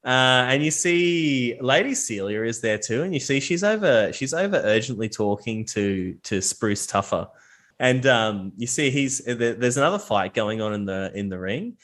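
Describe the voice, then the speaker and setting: A man's voice: medium pitch, animated, normal speed, a bit bright. A man narrating a tabletop game as game master, casual and full of fillers and restarts.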